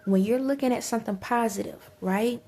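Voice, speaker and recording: A woman's voice: a little high, a little fast, dark tone. A woman giving spiritual advice in a vlog, urging listeners on with emphatic repetition and frequent stumbles and restarts. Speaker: spiritual vlogger. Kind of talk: preachy spiritual advice monologue.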